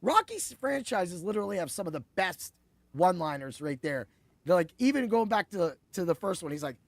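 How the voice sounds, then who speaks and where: A man hosting a casual sports betting podcast, talking in an excitable, rambling way, swearing and laughing freely. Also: high voice, brisk, gravelly, no echo. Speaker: podcast host.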